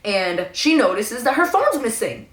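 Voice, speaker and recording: Animated slangy New woman, echoey room. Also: fairly high pitch, a little slow. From New York. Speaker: storyteller. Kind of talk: casual storytime monologue. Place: at home indoors.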